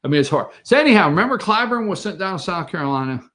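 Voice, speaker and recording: Excitable guy on a political talk show, high bright voice, all over the place, keeps rambling. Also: rapid-fire. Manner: animated, rambling, mocking quoted voices. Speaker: host.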